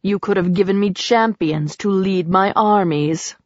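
A woman's voice: mid-range voice, measured pace, no echo, natural voice. A woman voicing an arrogant, cruel male god who snarls with contempt, on a slightly muffled recording. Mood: menacing.

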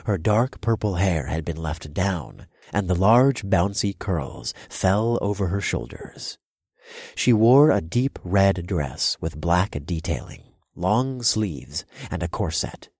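A man narrating a first-person dark romance audiobook in a measured, brooding manner with a husky voice. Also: deep voice, lively intonation, no room sound, clean studio sound.

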